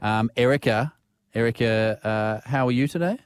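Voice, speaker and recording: A man's voice: mid-range voice, clean tone, dry recording, clean studio sound. A man with an Australian accent co-hosting a radio show, playful and jokey in casual banter. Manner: playful, jokey, quick to do voices. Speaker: radio co-host. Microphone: studio microphone.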